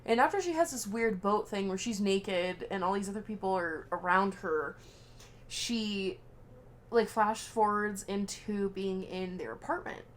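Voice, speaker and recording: A woman's voice: mid-range voice, unhurried. A young woman hosts a casual podcast and recaps a film with real energy. She keeps jumping into the characters' lines and swears freely. A faint background hum sits under her voice. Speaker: podcast co-host.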